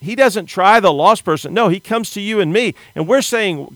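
A man's voice: high-pitched, very animated, a little fast, gravelly, a bit bright, dry recording. A middle-aged man from the United States preaching a sermon, earnest and often repeating words as he starts a sentence.

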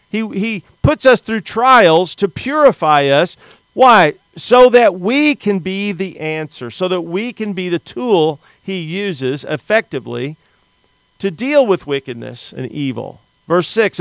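A middle-aged American man preaching a sermon with an earnest, plain-spoken manner, often stumbling over and repeating the first words of a sentence. His voice sits a little high for a man and sounds smooth and clear. The recording is dry and close, with no room sound. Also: no room sound. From United States.

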